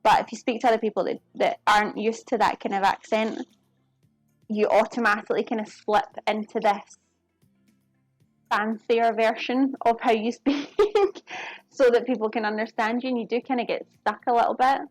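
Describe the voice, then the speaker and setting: Chatty woman, slightly high voice. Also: fairly even intonation, normal speed, dry recording, soft background music. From United Kingdom. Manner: chatty, giggly, talks to viewers while working. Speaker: cooking streamer. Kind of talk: casual live-stream chat while cooking. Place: home kitchen.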